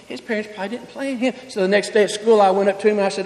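A high-pitched man preaching a sermon in a church sanctuary, his voice ringing out with a long reverb tail. He swells into loud, emphatic scripture readings and then drops to soft, intimate asides. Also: fairly even intonation, very fast, few pauses.

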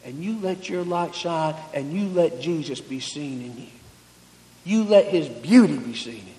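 A man preaching a sermon, rising to loud emphatic passages and falling to quiet, close tones. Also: a little high, lively intonation, normal speed. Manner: preaching with swelling emphasis, then dropping to soft intimate tones. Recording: long hall reverb.

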